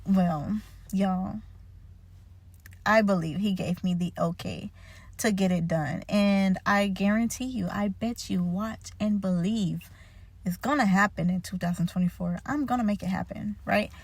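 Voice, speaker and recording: A young woman telling a story in a casual faith vlog, chatty and animated, laughing and full of fillers. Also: medium pitch, unhurried, breathy edge, no room sound. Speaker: faith vlogger.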